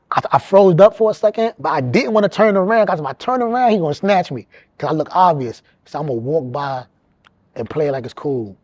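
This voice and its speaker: A man around forty tells his story in a lively, streetwise way, stumbling over and repeating words as he pushes ahead. His voice sits a little high for a man. The sound is dry and dull, with no room echo. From New York. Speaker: interviewee telling his life story. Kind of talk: casual storytelling.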